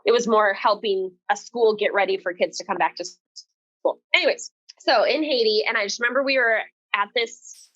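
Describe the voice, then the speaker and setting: A woman in her twenties, a podcast guest, telling a personal story in an earnest, animated way and laughing often. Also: mid-range voice, no room sound, lo-fi sound. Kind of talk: casual conversational interview.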